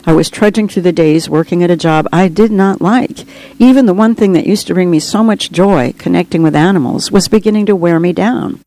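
A woman's voice: fairly low pitch, warm tone, no room sound, low-quality recording. Woman earnestly reading her own memoir. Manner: earnest, reflective first-person storytelling. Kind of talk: audiobook reading.

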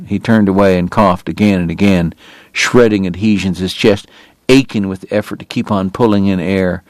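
Guy narrating a novel, low voice, dry close sound. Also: fairly even intonation, normal speed, dry recording. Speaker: audiobook reader. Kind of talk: scripted narration.

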